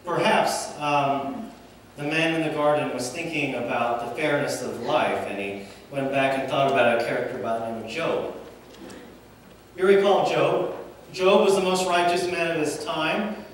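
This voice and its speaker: A male pastor preaching a sermon, with dramatic pauses and swells and drops in volume. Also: on the high side, a little hiss or hum. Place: church sanctuary. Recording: echoey church hall from far off, faint ambience.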